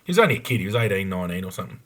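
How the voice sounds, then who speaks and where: A man's voice: low-pitched, big pitch swings, rapid-fire, fairly bright tone. An Australian man, a former police investigator, telling a case story on a podcast in a blunt, frank way with a lot of ums and restarts.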